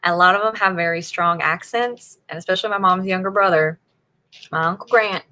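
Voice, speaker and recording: This Northern Virginia woman has a fairly low voice that sounds pushed and bright, and she speaks a little fast. Hosting a writing-sprint livestream, she chats casually and laughs often as she reacts to viewers.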